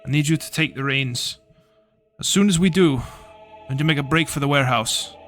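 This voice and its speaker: A man doing a gruff Scottish mage. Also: on the high side, moderate pace, fairly bright tone, faint music behind, close to an everyday voice. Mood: urgent. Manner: gruff, commanding, swearing. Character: gruff Scottish-sounding male fireball-casting mage.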